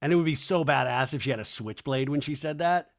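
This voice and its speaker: A man's voice: medium pitch, fast, gravelly. A man hosting a comedic TV recap podcast, chatty and gossipy, acting out quoted lines as he retells scenes. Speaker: podcast host.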